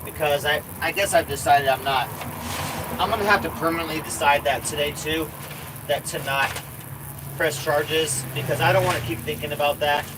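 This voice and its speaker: Man streaming from his RV, loose rambling talk full of swearing and restarts, slightly high pitch, clear noise under the voice. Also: fairly even intonation, normal speed. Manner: rambling, swears a lot, repeats himself. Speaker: live streamer. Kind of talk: casual live-stream chat. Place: inside an RV.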